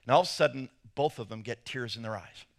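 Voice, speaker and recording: A man preaching a sermon, telling a story in an animated way and acting out quotes with sudden loud jumps. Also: mid-range voice, fast talker, gravelly. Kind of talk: sermon with personal anecdotes.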